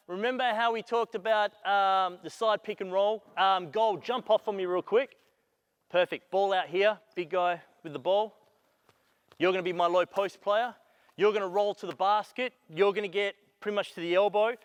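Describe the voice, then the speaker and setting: High-voiced coach directing players. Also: male voice, clean tone, no room sound. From Australia. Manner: instructive, directing players on court; raises voice for emphasis and calls. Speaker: basketball coach. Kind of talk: coaching clinic demonstration.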